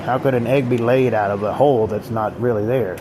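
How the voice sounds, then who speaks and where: A man's voice: medium pitch, steady tone, brisk, heavy background noise. A man vlogger in a rambling, profane, bitter philosophical monologue.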